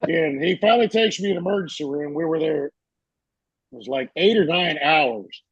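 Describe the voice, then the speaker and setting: Gravelly man telling a tale. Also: a little high, moderate pace, no echo, dull audio. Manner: animated, acts out voices in his stories. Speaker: podcast co-host. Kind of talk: casual storytelling.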